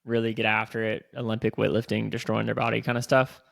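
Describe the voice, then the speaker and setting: Gravelly-voiced man telling lively stories. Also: on the low side, fast, dry recording, clean studio sound. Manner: animated storyteller, swears casually. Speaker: podcast co-host. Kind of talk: casual chat.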